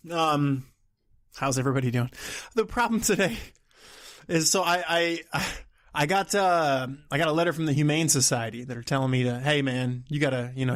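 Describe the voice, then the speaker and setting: High-voiced man ranting on a podcast. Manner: exasperated, animated complaining with laughs and sudden outbursts. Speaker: podcast host.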